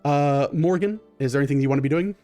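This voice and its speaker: A man narrating a tabletop game as game master, spinning vivid and slightly gross scenes in a loose, improvised flow. His voice sits a little above the usual pitch for a man. Faint music plays underneath. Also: fast, warm tone. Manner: vivid, loose storytelling with many fillers.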